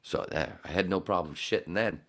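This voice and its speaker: A man's voice: deep voice, a little fast, a bit bright. A man hosting a podcast, telling a rambling, profane, self-mocking story full of restarts. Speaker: podcast host. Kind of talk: casual chat.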